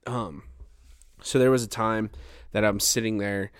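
A man's voice: on the low side, fairly even intonation, a little slow, smooth, dry recording, clean studio sound. A young man from New Mexico, hosting a podcast from his couch at home and telling funny stories in a rambling, casual way with plenty of swearing and fillers. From Farmington, New Mexico, USA. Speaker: podcast host. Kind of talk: casual storytelling.

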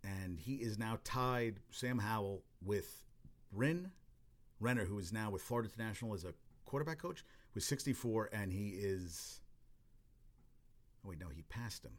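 A man's voice: fairly low pitch, expressive, normal speed. Rambling, profane man talking football. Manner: rambling, profane, with frequent restarts and exclamations. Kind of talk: casual sports talk.

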